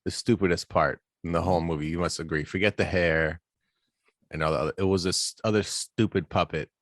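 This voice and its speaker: A man's voice: low voice, fairly even intonation, brisk, a bit bright, no room sound, studio quality. A man co-hosting a podcast, chatting casually and swearing, with frequent restarts. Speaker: podcast co-host. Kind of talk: casual chat.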